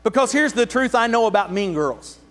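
A man, a pastor preaching a fervent sermon who rises to shouts on key points and drops in joking asides. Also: very high voice, lively intonation, normal speed, long reverb tail. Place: church sanctuary.

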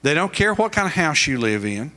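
A man's voice: a little high, sing-song, brisk, pushed and bright. A middle-aged male pastor preaching a sermon, pressing his points with rising, emphatic questions.

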